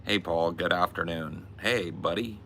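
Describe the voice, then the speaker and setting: A young man with a very low, gravelly voice that still has a sharp, cutting edge. He rambles casually to his live chat from outdoors, loose and offhand, full of fillers and little laughs. Faint background noise sits under him. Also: a little slow. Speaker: live streamer answering chat. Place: outdoors in hot weather.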